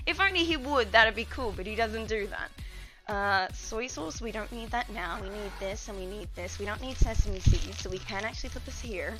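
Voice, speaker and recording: A woman's voice: medium pitch, moderate pace, over music. A young woman chatting to her stream viewers from her home kitchen, scatterbrained and a little out of breath. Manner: scatterbrained and chatty, talking to chat. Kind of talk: casual live-stream chat.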